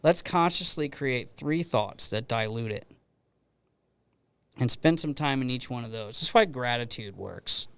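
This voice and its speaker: A middle-aged man hosts a podcast and talks in a loose, rambling way, circling back and restarting his sentences. His voice is smooth and resonant, at an ordinary pitch. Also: lively intonation, unhurried, fairly bright tone, no room sound. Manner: rambling storyteller with frequent restarts. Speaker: podcast host. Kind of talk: casual conversational interview.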